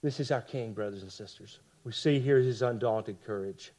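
A man preaching a sermon with passion, dropping to hushed lines for emphasis and tossing rhetorical asides to the congregation. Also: lowish voice, moderate pace. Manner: impassioned, swings from loud emphasis to hushed lines. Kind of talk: expository sermon.

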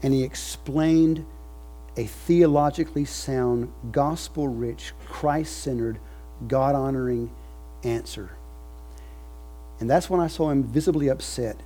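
A man preaching a sermon, moving from quiet reflection to loud, emphatic passages. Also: mid-range voice, slow pace, soft background music. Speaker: pastor.

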